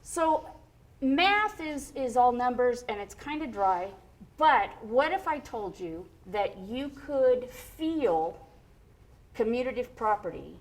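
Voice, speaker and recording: A woman with a slightly high voice teaches music on a studio show. She explains rhythm to a young student in a chatty, encouraging way and hums the beats as she goes. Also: expressive, takes it slowly. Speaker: music educator. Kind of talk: explaining music to a child on air.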